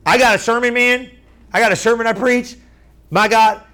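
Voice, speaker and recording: High-voiced man preaching animatedly. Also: moderate pace, smooth. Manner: animated, conversational, acts out crowd voices; repeats phrases, asks "you understand?". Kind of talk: sermon.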